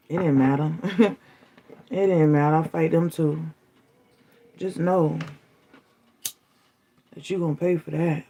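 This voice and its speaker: A dark, gravelly voice with a husky edge delivers a direct-to-camera warning in a taunting, defiant way. The speaker keeps circling back with casual check-ins to the listener. The tone stays relaxed and low. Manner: taunting, defiant, repeats "you feel me?". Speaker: spiritual content creator.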